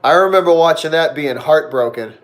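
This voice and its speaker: Hosting a live Q&A stream, this young man talks casually with his viewers in a fairly high voice at a slightly fast clip. Repetition and lots of laughter mark how he speaks.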